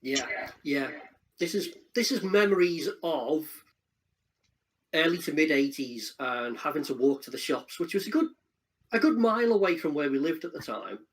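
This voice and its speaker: A man in his forties with a husky, somewhat high voice tells relaxed, nostalgic stories as a stream guest. He drifts along with the odd um and sidetrack. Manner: nostalgic storytelling, relaxed, with ums. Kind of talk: casual reminiscing chat.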